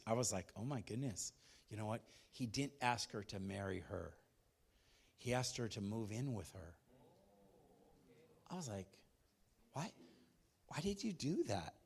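A man with a medium-pitched, gravelly voice preaches a sermon as a pastor in a church. He rambles chattily with many restarts, shifting from hushed storytelling to loud exhortation.

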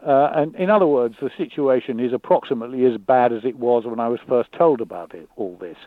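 A man talking candidly and thoughtfully, often pausing and repeating words as he searches for them. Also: medium pitch, no echo. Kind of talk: candid conversation. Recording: dry tinny phone-like line.

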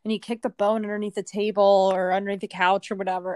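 A woman with a medium-pitched voice talks quickly in a clean recording with no echo. She's co-hosting a podcast, chatting casually and telling stories as an animated storyteller who laughs often.

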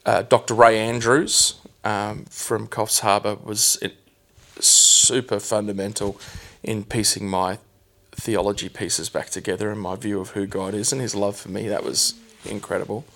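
Gravelly low-voiced man. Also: fairly even intonation, a bit bright. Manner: candid, halting, with many restarts. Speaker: guest telling his story. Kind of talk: emotional personal storytelling.

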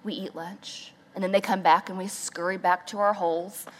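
A woman speaking at a church service, telling a playful, self-mocking story with animated, acted-out quotes. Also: medium pitch, moderate pace. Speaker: church speaker, pastor's wife. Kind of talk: storytelling sermon.

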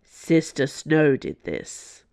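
A woman's voice: on the low side, unhurried, fairly bright tone. A woman voicing a strong warrior nun who speaks grimly and curtly. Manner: grim and curt.

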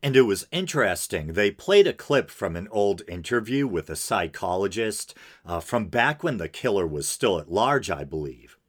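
A man with a lowish voice that swings up and down a great deal as he talks. He hosts a podcast and chats through his review casually, with plenty of fillers and small laughs. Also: big pitch swings, moderate pace, hardly any pauses. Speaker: podcast host.

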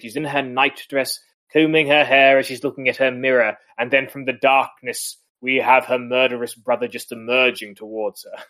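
A man's voice: mid-range voice, fairly bright tone. A man co-hosting a podcast in a casual literary discussion, rambling with many restarts and chuckles. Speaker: podcast co-host.

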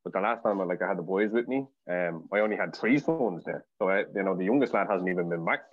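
A quick-talking Irish man chats as a guest, with a lowish voice and a storyteller's flow. The recording sounds dull and lo-fi. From Ireland. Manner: chatty, storytelling with acted quotes. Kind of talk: casual chat.

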